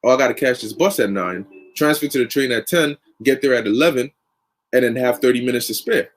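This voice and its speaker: A man's voice: mid-range voice, fairly quick, faint music behind, natural voice. A man voicing an earnest, devout working man who pleads for a job in prayer.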